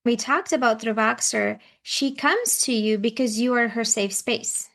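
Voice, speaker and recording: A woman's voice: a little high, measured pace, vocal fry, a bit bright. A woman parenting coach who hosts the show, speaking in an affirming, encouraging way. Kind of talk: coaching conversation.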